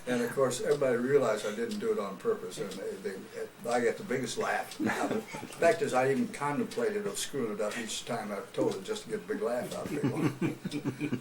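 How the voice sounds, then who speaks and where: In an oral history interview, an older retired radio man spins folksy tales and chuckles frequently. He speaks in a lowish voice, a little fast with few pauses, picked up by a distant mic in a roomy space with background noise.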